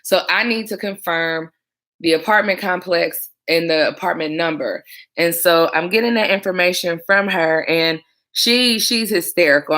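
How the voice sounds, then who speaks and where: Here a young woman recounts her former work as a 911 dispatcher in a relaxed, on-camera chat. Her fairly low voice stays smooth and calm until she performs the callers, when it becomes animated.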